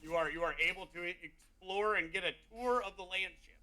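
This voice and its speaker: A man's voice: high-pitched, brisk, sharp tone, low-quality recording. A man narrating a tabletop game as game master, rambling with many fillers. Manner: rambling, filler-heavy, laughing often.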